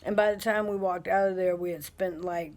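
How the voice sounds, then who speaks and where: A woman's voice: lowish voice, steady tone, fairly quick, darkish tone. Blunt, chatty middle-aged woman vlogger. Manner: blunt, chatty, lots of fillers and restarts. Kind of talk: casual talk to camera.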